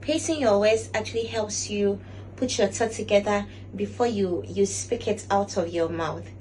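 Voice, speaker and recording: A woman giving measured, instructive lifestyle advice to camera. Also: mid-range voice, a little mellow, a little hiss or hum, low-quality recording. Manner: measured and instructive, often recaps with "all right". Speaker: lifestyle vlogger. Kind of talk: casual advice talk to camera.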